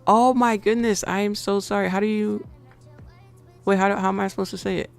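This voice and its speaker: A woman's voice: medium pitch, fairly even intonation, a little fast, vocal fry, clean tone, soft background music. An American woman hosting a live trading stream, chatting playfully with her viewers and laughing often. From United States. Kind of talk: casual live-stream chat.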